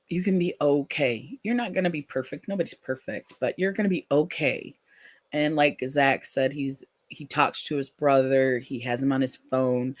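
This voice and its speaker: At a medium pitch, a live-stream host goes through viewer comments aloud in easygoing conversation. The responses are soft and supportive, often broken up by ums and fresh starts.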